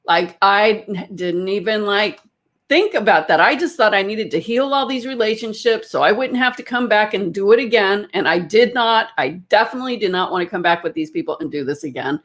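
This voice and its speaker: A woman's voice: mid-range voice, moderate pace. A woman energy healer telling a personal story to a group in a casual, rambling way, with many fillers and restarts.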